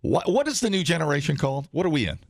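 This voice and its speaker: A gravelly man hosts morning radio. His pitch jumps all over as he jokes and riffs. The studio sound is dry and close to the mic. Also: big pitch swings, fast talker, no room sound. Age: late 30s. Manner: loud, jokey, shouts for comic effect. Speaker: radio host.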